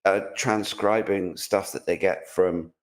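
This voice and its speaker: A man's voice: sits low, fairly even intonation, slow pace. A man from Britain co-hosting a casual chat, mocking and opinionated, rambling with restarts. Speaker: co-host, tech commentator.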